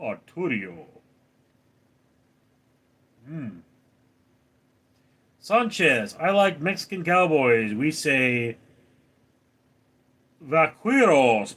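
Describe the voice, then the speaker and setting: Reading his chat aloud during a casual livestream, a man responds with dry humor. His slightly high, sharp voice swings widely in pitch, and he talks slowly, hardly pausing at all.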